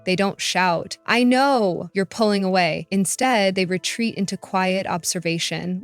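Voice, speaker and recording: A woman reading a scripted voice-over narration in a calm, measured way. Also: fairly low pitch, smooth, no room sound.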